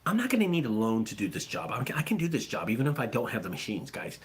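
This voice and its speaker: A man who runs a junk removal business talks casually and excitably to his viewers in a fast, mid-range voice. This profane vlog talk has him swearing freely and repeating himself.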